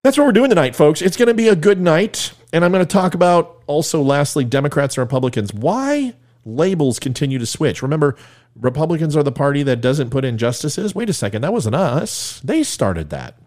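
A man hosting his own podcast, talking solo in a joking, sarcastic way with quick asides. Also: on the high side, big pitch swings, a little mellow. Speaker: podcast host. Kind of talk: solo comedic podcast monologue.

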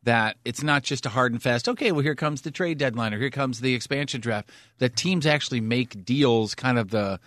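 Relaxed joking man on a dry mic. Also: mid-range voice, normal speed, hardly any pauses, no room sound. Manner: relaxed, joking, thinks aloud. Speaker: podcast co-host. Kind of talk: casual sports podcast chat.

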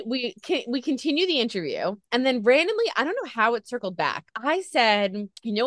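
A woman's voice: mid-range voice, a bit bright, no echo. Chatty woman interviewer, dry sound. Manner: chatty, lots of "like" fillers. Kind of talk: casual interview chat. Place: home video call.

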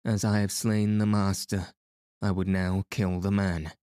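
A man's voice: sits low, little pitch movement, measured pace, dark tone, no echo, studio quality. Man putting on a harsh-voiced disguised outlaw. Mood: grim.

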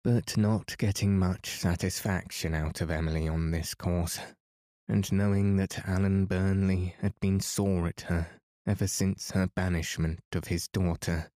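Soothing male bedtime narrator, mellow and dry. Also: low-pitched, measured pace, dry recording. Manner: calm, soothing reading. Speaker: podcast narrator.

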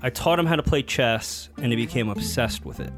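A man who used to teach, telling lively anecdotes in a casual podcast chat and acting out the people he quotes. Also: mid-range voice, a little fast, soft background music. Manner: animated anecdote teller, acts out quotes. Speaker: podcast guest, former teacher. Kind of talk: casual storytelling.

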